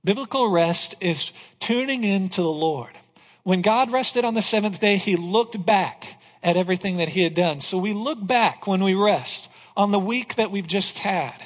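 A pastor with a high voice preaches emphatically at a moderate pace, pressing his points with rhetorical questions and dropping to a hush for the key lines. A long reverb from the church sanctuary surrounds his voice.

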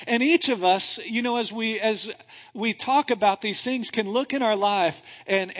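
Pastor, male, high-pitched voice, animated conversational sermon delivery, lots of "right?", in a church with long reverb. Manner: animated, conversational preaching with rhetorical questions. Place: church sanctuary. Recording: reverberant hall.

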